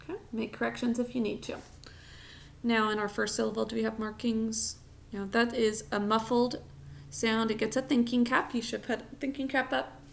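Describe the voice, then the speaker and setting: A woman teaching a recorded spelling lesson, sounding out words slowly, syllable by syllable, for students at home. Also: fairly high pitch, little pitch movement, creaky, a little hiss or hum.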